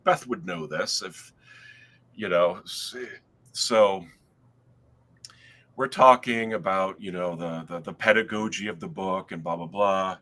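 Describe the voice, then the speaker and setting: Man, low voice, bright and forceful tone, casual storytelling, stops and restarts his sentences. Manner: rambling, self-interrupting anecdote teller. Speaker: guest author.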